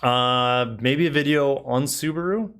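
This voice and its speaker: Speaking a little slowly, this young car reviewer has a medium-pitched voice that sounds clean and slightly bright. He hosts a casual live stream on his channel, rambling through viewer comments and using lots of filler words.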